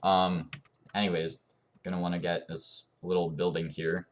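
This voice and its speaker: Man with a very deep voice, rambling tutorial. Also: flat delivery, normal speed. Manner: rambling, meandering explanations. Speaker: tutorial YouTuber. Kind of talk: casual game tutorial commentary.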